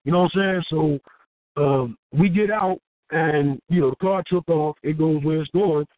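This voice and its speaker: A man from Houston, a rapper, telling a story in a casual interview, profane and animated, acting out what people said. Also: a little high, moderate pace, a little hiss or hum. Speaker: rapper and guest. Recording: tinny phone-like dry sound.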